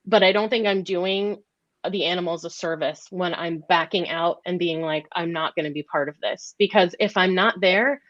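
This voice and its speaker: A woman's voice: on the low side, normal speed, no echo, highs cut off. A woman speaking earnestly and with measure in a casual group discussion, repeating her points for weight. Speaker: podcast panelist.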